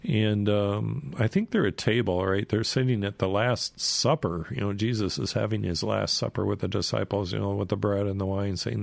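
A man's voice: on the low side, moderate pace, gravelly, dry recording. A man casually retelling Bible stories in a rambling way, full of fillers and asides.

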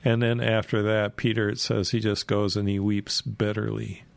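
A man with a gravelly voice casually retelling a Bible story, rambling and chuckling as he goes. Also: fairly low pitch, completely flat delivery, normal speed, no echo.

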